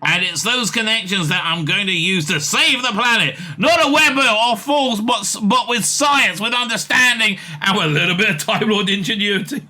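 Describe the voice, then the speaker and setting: A man's voice: sits high, pushed and bright. A man reading as an earnest time-traveling alien hero. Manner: reads haltingly with fillers and restarts.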